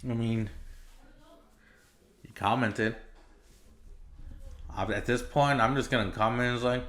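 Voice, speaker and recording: A man's voice: mid-range voice, fairly even intonation, takes it slowly, pauses often, fairly bright tone. A man hosting his own solo podcast, ranting in an exasperated, casual way with lots of swearing and filler words. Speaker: podcast host.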